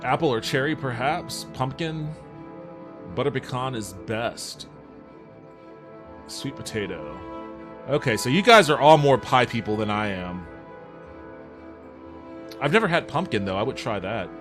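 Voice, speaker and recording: A man riffs casually with his viewers on a livestream, reading their messages aloud and answering them. His talk is loose and sprinkled with swearing. Faint music sits softly in the background. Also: mid-range voice, lively intonation, a little slow, long pauses. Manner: laid-back and profane, reads chat aloud and answers it.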